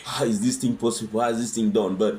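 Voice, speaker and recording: A man's voice: on the low side, fairly even intonation, quick pace, darkish tone. A man talking as a guest in a conversational interview, earnest and fond of rhetorical questions. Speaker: husband sharing his experience as a guest.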